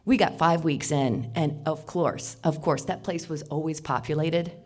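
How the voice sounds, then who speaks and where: A woman telling a personal story live to an audience, animated, moving between hushed asides and loud outbursts. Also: low voice, measured pace, soft background music. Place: stage before an audience.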